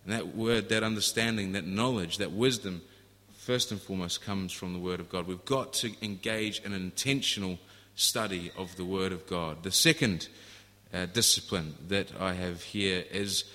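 A male pastor delivers a sermon in a low, bright voice, earnest and storytelling. His words ring with a long hall reverb. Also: normal speed. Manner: earnest, storytelling, with frequent restarts. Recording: echoey hall.

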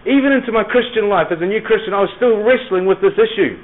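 Middle-aged man, Christian speaker, earnest testimony, slightly high voice, tinny phone-like audio. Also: quick pace. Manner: earnest, emphatic storytelling. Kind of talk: personal testimony talk.

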